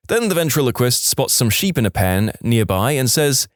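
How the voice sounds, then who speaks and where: A man telling jokes in a very lively, swooping voice, jumping in and out of the characters. The sound is dry and close to the mic. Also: medium pitch, normal speed, hardly any pauses, dry recording. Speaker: joke storyteller. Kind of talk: reading jokes aloud.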